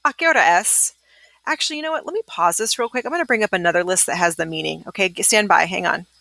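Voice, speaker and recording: A woman's voice: fairly low pitch, gravelly, sharp tone, no echo. Woman, teacher, recorded pronunciation lesson, dry close sound, encouraging, asks listeners to repeat. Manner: modeling words slowly, then repeating them at natural speed. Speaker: Spanish teacher.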